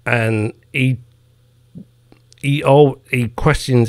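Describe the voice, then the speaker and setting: Gravelly man ranting. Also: mid-range voice, unhurried, darkish tone, dry recording, clean studio sound. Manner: profane, heated ranting with mocking asides. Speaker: podcast host. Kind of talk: casual solo podcast rant.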